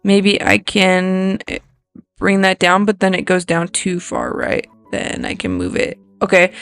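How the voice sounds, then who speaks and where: Gravelly voice rambling over gameplay. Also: medium pitch. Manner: thinks aloud, self-deprecating, rambling. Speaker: video creator building in a life-sim game. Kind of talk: casual gameplay commentary.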